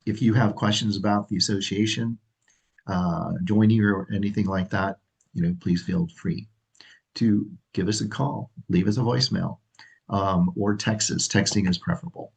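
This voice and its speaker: A man's voice: lowish voice, steady tone, moderate pace, gravelly, breathy edge, low-quality recording. Upbeat man hosting a livestream. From California. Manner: upbeat, rambling with fillers. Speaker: association president and livestream host. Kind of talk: livestream presentation.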